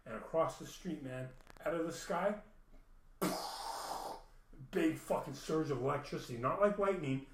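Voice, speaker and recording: A man's voice: fairly high pitch, slow, pauses often, echoey room, noisy background. A man rambling through an emotional personal story, repeating himself and swearing often.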